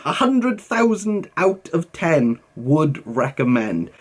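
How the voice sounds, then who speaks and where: A young man, chatting casually to camera as a book vlogger. He answers viewer comments in an animated way, full of fillers and British slang. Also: on the high side, slow pace, husky.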